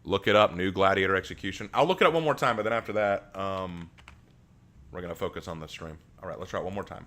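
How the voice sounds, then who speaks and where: A man's voice: sits low, fast talker, a bit bright. A man chatting casually on a live stream, joking with his chat, laughing often and restarting his words.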